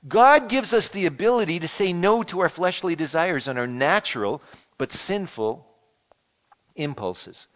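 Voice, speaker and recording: A man preaching a sermon in a church, speaking in an earnest, conversational way and citing scripture quickly. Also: a little high, lively intonation, a bit bright. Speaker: pastor. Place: church sanctuary. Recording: muffled sound in a reverberant hall.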